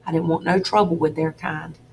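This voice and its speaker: Female audiobook reader, low-ish voice, steady folksy first-person storytelling, faint hiss. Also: brisk, gravelly, rough recording. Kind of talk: audiobook reading of a classic novel.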